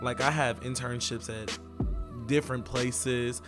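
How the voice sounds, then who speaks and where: A man's voice: medium pitch, fairly even intonation, measured pace, over loud music. A young man talking straight to his viewers in a casual vlog, rambling with lots of "like" and "um". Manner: casual, meandering, filler-heavy with likes and ums. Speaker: vlogger.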